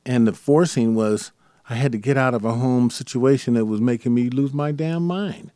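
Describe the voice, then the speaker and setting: A middle-aged man hosting a podcast, telling stories from his life in a casual, conversational way and lively when quoting others. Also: medium pitch, moderate pace, clean tone, dry recording, clean studio sound. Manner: storytelling, animated when quoting his mother. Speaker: podcast host.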